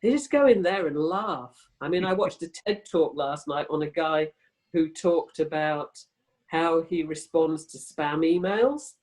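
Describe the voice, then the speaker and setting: A woman's voice: low-pitched, measured pace, darkish tone, poor audio. Older lady on a video call, blunt and chatty, wanders off topic, cusses casually. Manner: frank, rambling, swears freely. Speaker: interview guest.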